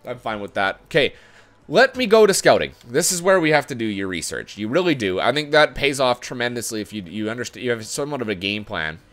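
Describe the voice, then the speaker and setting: A man talks casually over his game in an ordinary middle-pitched voice. He thinks out loud and keeps correcting himself, chatty and unpolished. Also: animated, fast talker. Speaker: gaming YouTuber.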